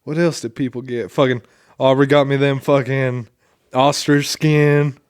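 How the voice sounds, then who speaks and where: A man's voice: mid-range voice, flat delivery, measured pace, clean tone, no room sound, clean studio sound. A man co-hosting a podcast, chatting casually and telling rambling stories, swearing freely. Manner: loose, profanity-heavy, rambling. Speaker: podcast co-host. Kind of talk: casual chat and storytelling.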